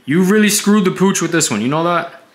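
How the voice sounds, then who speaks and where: A man's voice: sits high, animated, brisk. A man filming a casual prank vlog at home, whispering conspiratorial asides to the camera and teasing his girlfriend with mock innocence. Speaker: vlog host, prankster boyfriend. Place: home kitchen and living room. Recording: echoey room with background noise.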